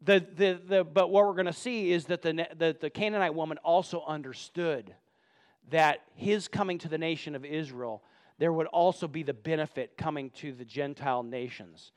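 A man's voice: on the high side, moderate pace. A man reading scripture aloud and explaining it in a Bible teaching, often stumbling and repeating words when he speaks off the cuff.

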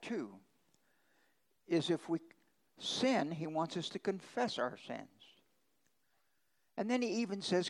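A pastor delivers a conversational sermon, leaning on homespun ranch stories. His voice sits a little high for a man and carries a gravelly edge. He jumps up in pitch to stress a point, then drops low and quiet. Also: poor audio. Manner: conversational preaching with folksy ranch stories, emphatic pitch swings.

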